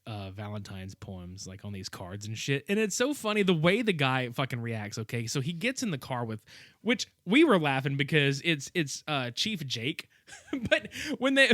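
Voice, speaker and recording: Lively, bright-voiced man on a podcast. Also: on the high side, no room sound, studio quality. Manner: animated, profane, laughing often. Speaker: podcast host. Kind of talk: casual chat.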